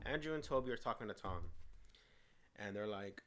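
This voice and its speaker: A man's voice: lowish voice, expressive, moderate pace, pauses often, a bit bright. A man co-hosting a casual movie review, eagerly retelling scenes and stumbling over his words. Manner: frequent restarts and stumbles. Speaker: co-host of a movie review show.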